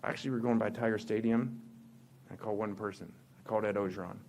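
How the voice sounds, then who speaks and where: A man's voice: on the low side, fairly even intonation, fast, gravelly, darkish tone, a little hiss or hum. A man who coaches football, telling a playful story at a press event. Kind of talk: press conference anecdote.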